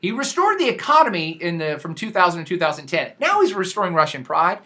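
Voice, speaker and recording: Bright-voiced animated man lecturing. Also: sits high, quick pace. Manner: animated, slangy and emphatic, with frequent restarts. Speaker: professor lecturing on world affairs. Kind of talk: casual podcast lecture.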